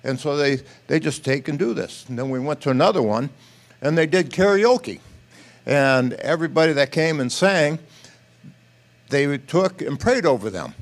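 A man's voice: a little high, moderate pace. Older man telling a folksy church story. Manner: folksy, animated storytelling with quoted dialogue. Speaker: pastor or missionary speaker. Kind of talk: sermon testimony storytelling. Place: church platform.

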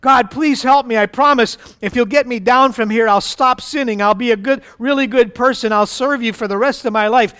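A man voicing a panicked man clinging to a branch on a cliff, yelling and pleading for help. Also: very high-pitched, fast, hardly any pauses, clear, resonant tone, pitched above the performer's own voice.

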